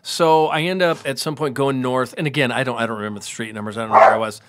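Speaking fast at a medium pitch with a steady, fairly bright tone, this guest is a brewery sales rep from the small town of Spearfish, South Dakota. He chats casually through a touring story, voicing the people he quotes. There's no room sound, though dogs are around him at home.

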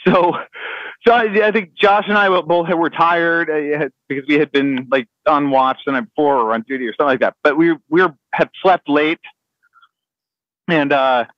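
A man's voice: a little high, dry recording, dull audio. A man telling a navy story on a podcast in a rambling, laughing way, full of fillers and restarts. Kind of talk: casual storytelling among friends.

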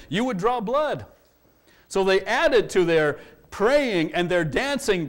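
A man preaching a sermon, explaining a Bible passage verse by verse and acting out its quotes with energy. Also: on the high side. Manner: expository preaching, animated when quoting scripture. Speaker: pastor.

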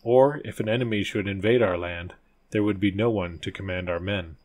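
A man's voice: fairly low pitch, moderate pace, darkish tone, close to an everyday voice. A man voicing an old tsar, a fearful and loving father who speaks in archaic storybook phrases. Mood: pleading. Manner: pleading archaic storybook speech.

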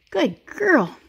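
A woman, filming a casual vlog as a pet sitter and talking to dogs in sing-song baby talk.

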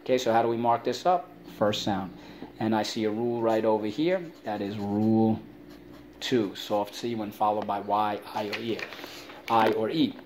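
A man teaching an online spelling lesson for kids, drilling words with call-and-repeat chants and leaping into playful high asides. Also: fairly even intonation, normal speed, a little mellow, a little hiss or hum.

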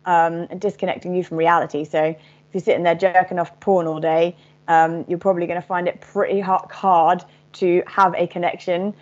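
A woman's voice: on the low side, level tone, moderate pace, lo-fi sound. A woman channeler speaking casually and frankly about spirituality, swearing now and then.

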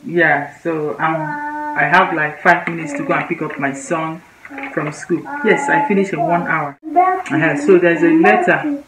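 A woman's voice: deep voice, lively intonation, a little slow. A Nigerian woman with a Nigerian English accent, chatting heartfelt and directly to her viewers in a casual vlog from her home kitchen. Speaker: vlogger. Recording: echoey room with loud background noise.

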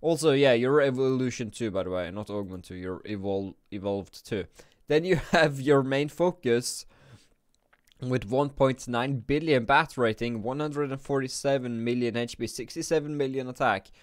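Sleepy male game commentator, mid-pitch, dry close sound, rambling and self-correcting. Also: normal speed, smooth, dry recording. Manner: rambling, thinking aloud with frequent restarts. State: drowsy, just woke up and yawning. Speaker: gaming video creator.

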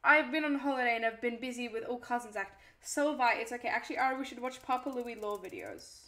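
A playful woman streamer with a high, bright voice. She chats casually, reads her viewers' messages aloud and answers them one by one. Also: fast. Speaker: live streamer. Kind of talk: casual live-stream chat.

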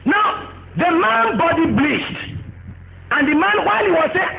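A man with a Nigerian accent preaching a sermon as pastor, animated and acting out the voices he quotes. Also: very high-pitched, a little slow, vocal fry, phone-quality sound, slight background noise. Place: church.

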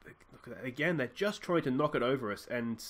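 A young man with an Australian accent talks over his football management game into a desk mic. His mid-range voice rambles casually through tactics and substitutions. When a goal lands he jumps to excited shouts. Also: medium pitch, fairly quick. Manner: chatty, thinks aloud, bursts into excited shouts at goals. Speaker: let's play host. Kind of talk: casual gameplay commentary.

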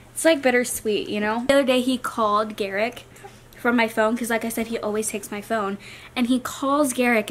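Chatty young woman vlogger, slightly high voice. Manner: chatty and rambling, soft-spoken. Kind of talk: casual chat to camera.

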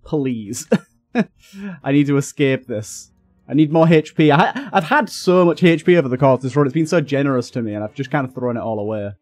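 A man's voice: mid-range voice, lively intonation, a little fast, darkish tone, no room sound, soft background music. A young man giving let's play commentary, swearing and breaking into frustrated outbursts. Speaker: gaming YouTuber.

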